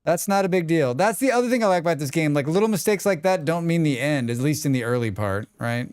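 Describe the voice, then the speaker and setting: A man's voice: a little high, expressive, fast talker, a little mellow, clear, resonant tone, no room sound, studio quality. A man streaming a game live, chatting casually with viewers and talking to himself as he plays, rambling and swearing freely. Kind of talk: casual live-stream chat while playing.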